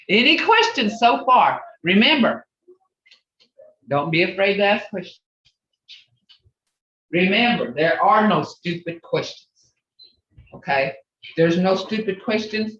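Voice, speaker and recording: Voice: mid-range voice, big pitch swings, slow pace, long pauses, fairly bright tone, roomy sound. A teacher leading an online language class, patiently drilling words syllable by syllable and reassuring the students. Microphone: video call. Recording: dull video-call audio.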